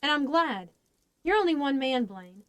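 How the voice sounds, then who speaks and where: A woman's voice: high voice, expressive, moderate pace, fairly bright tone, no echo, pitched above the performer's own voice. A woman voicing an earnest young monster girl in a storybook reading, speaking eagerly.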